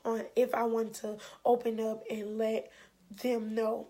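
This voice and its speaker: A woman's voice: on the high side, level tone, measured pace, warm tone. A woman in her twenties, a vlogger, telling a personal story in a candid, chatty way with lots of fillers. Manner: candid, chatty, full of fillers and quoted dialogue. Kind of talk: casual storytime.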